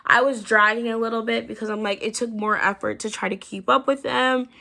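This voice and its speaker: A woman's voice: fairly high pitch, steady tone, fairly quick, creaky, pushed and bright. A woman in her twenties giving a casual, candid story-time recap as a vlogger, her throat sore and strained. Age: 20s. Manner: chatty and candid, trailing into tired asides.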